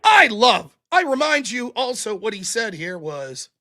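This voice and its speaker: A man's voice: sits high, very animated, measured pace, pushed and bright. A man hosting a live call-in stream, arguing with a caller in a sarcastic, mocking way. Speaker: host of a live call-in show.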